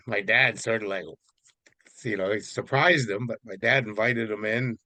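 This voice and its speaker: A man's voice: lowish voice, moderate pace, no room sound. A man from Vancouver Island, Canada, telling a story in a casual, rambling way as an interview guest. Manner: rambling, relaxed, many fillers.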